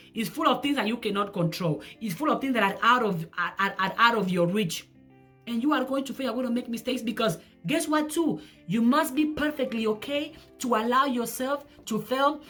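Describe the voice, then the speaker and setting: A woman's voice: fairly high pitch, a bit bright. A woman speaking as a life coach in an emphatic, repetitive motivational talk, with non-native English phrasing.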